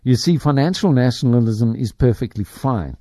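A man's voice: mid-range voice, expressive, normal speed, mellow, no echo, studio quality. A man hosting a business show, giving opinionated commentary in a rambling way with many fillers and restarts. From Africa. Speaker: host.

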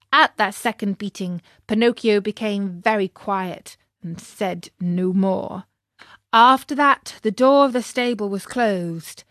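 A woman narrating a children's story in a gentle way, talking to young listeners. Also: medium pitch, no echo, studio quality.

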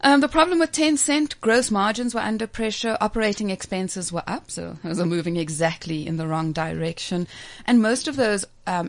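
A woman co-hosting a casual radio talk on markets, chatty and laughing often as she explains. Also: medium pitch. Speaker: market commentator co-host.

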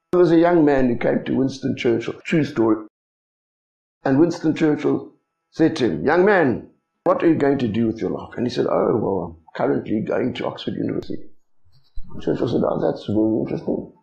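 A man preaches a sermon, his voice rising and falling in a lively, animated swing. His tone is gravelly and fairly high. The sound is echoey and dull, like a lo-fi recording in a church hall. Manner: animated, rhetorical questions to the congregation.

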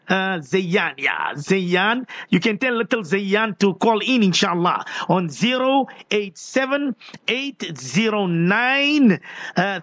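A man hosting a call-in radio show, slowly repeating a phone number and greeting listeners by name. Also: high voice, fairly bright tone, dry recording. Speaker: radio host. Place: radio studio.

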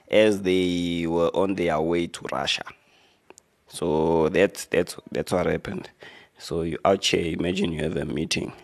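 Male radio host, very low voice, easygoing joking delivery over a news piece. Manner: laid-back, rambling, joking asides with fillers. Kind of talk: casual commentary on a news article.

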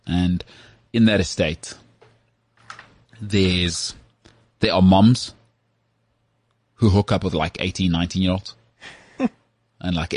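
A man with a South African accent, hosting a casual podcast chat in an animated, rhetorical way and often asking if he is understood. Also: sits low, breathy edge, dry recording. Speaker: podcast host.

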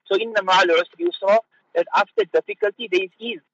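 A man, a mufti, giving an unscripted religious talk on the radio, halting with fillers and repeated words. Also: sits high, a bit bright, no room sound, lo-fi sound.

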